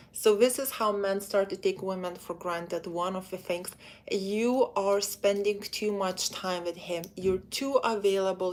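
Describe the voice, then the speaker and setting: A woman giving dating advice in a live stream, talking straight to her female viewers in a chatty, direct way. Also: mid-range voice. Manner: acts out quoted men in quick put-on voices. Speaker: dating coach.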